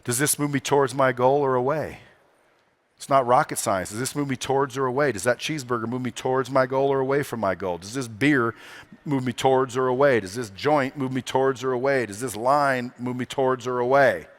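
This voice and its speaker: Man, motivational conference speaker, brash, swears a lot, rhetorical questions, mid-pitched voice, live stage talk. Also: brisk. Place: conference hall stage before a live audience.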